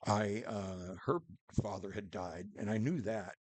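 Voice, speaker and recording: A man's voice: on the low side, measured pace, no room sound. A man telling a true story in a casual, rambling way, restarting sentences and acting out what people said. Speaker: storyteller vlogger.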